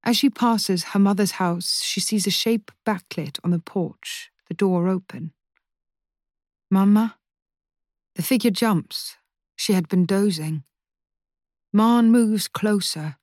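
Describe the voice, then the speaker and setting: A woman narrates a novel in a measured, even reading. She takes her time with each line. The recording is dry and close, with no room sound. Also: medium pitch, no echo. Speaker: audiobook narrator. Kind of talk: scripted narration.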